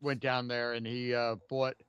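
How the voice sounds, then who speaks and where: A man's voice: mid-range voice, flat delivery, normal speed, clear, resonant tone. A man co-hosting a podcast, rambling through a story with restarts. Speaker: podcast co-host. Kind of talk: casual chat. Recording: dull dry podcast mic.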